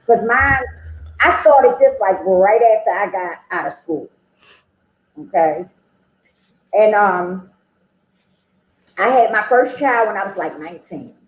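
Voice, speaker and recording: A woman's voice: medium pitch, animated, takes it slowly, pauses often, reverberant, low-quality recording. A woman sharing her personal recovery story at a meeting, chatty and conversational, acting out the dialogue she quotes and often checking in with "okay?" and "you know?".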